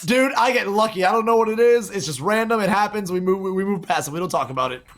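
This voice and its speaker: A man calling live esports play-by-play, excitable, with quick exclamations and frequent laughs. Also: high voice, a little hiss or hum.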